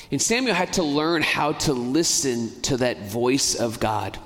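Earnest priest preaching in a reverberant church. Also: male voice, medium pitch, animated. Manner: earnest, pleading, speeds up and slows down. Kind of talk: sermon.

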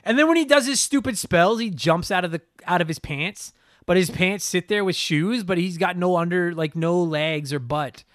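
A man's voice: sits high, normal speed, a bit bright, no echo, studio quality. A man co-hosting a casual gaming podcast, ranting in a profane, exaggerated way. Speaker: podcast co-host.

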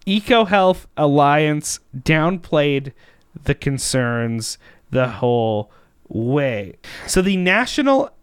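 Man, podcast co-host, sarcastic commentary, fairly high pitch, unhurried. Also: very animated, clear, resonant tone, dry recording, studio quality. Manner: emphatic, sarcastic. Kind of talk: political commentary chat.

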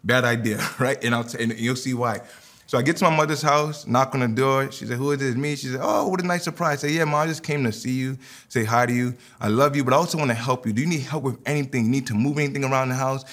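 A man preaching a sermon, leading communion and then telling a personal story with lively quoted dialogue. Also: mid-range voice, quick pace. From New York. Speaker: pastor.

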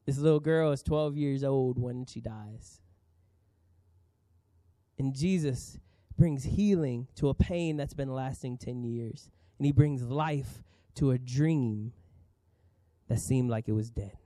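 Man, pastor, sermon, emphatic, dramatic pauses, slightly high pitch, dry sound. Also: mellow, clean tone, no room sound.

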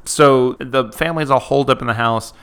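A man's voice: mid-range voice, a little fast, a bit bright, clear, resonant tone. A man co-hosting a podcast, recapping a movie in casual chat, saying "like" a lot and laughing easily. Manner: chatty, fills with "like" often, laughs easily. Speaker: podcast co-host.

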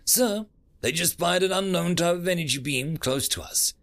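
A man's voice: sits high, creaky, fairly bright tone, pitched above the performer's own voice. A man doing a jittery starship sensor tech. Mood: urgent. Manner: hurried, urgent reporting. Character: anxious male starship sensor technician.

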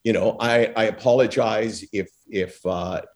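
A former talk show host telling lively stories as a podcast guest, acting out quotes and using lots of fillers. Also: male voice, on the low side, a little slow, gravelly. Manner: animated storyteller, acts out quotes, frequent fillers. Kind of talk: storytelling in a podcast interview.

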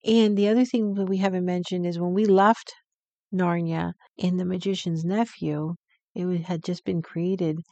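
A woman's voice: lowish voice, steady tone, moderate pace, mellow, dry recording. A woman co-hosting a podcast, chatting about a book and often affirming her partner. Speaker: podcast co-host. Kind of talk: casual book discussion.

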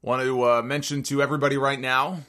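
A man hosting his own wrestling podcast, joking through sponsor reads and rattling off listener shout-outs. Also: flat delivery, quick pace. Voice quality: sometimes gravelly low notes. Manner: jokey wrestling-fan banter, rattles off listener names. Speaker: podcast host.

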